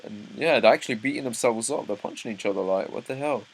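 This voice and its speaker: A young man reading a comic chapter aloud, breaking off into excited asides and stumbling over words. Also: medium pitch, fast, breathy edge, rough recording. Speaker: manga reaction host. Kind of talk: live reaction read-through.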